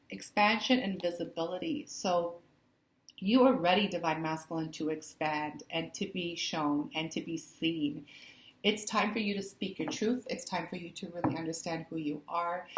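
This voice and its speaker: A woman's voice: on the low side, a bit bright. A woman spiritual coach giving a casual tarot reading, talking straight to her viewers, laughing easily and often saying "um". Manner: laughs easily, says "um", direct address. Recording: echoey room.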